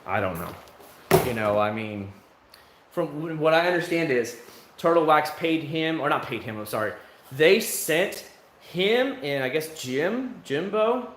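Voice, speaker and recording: A man's voice: on the high side, animated, measured pace, a bit bright. Guy on a livestream just rambling away, lots of likes and uhs, echoey sound. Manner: rambling, candid, filler-heavy. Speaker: livestream host. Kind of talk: casual chat answering viewers. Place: outside his home.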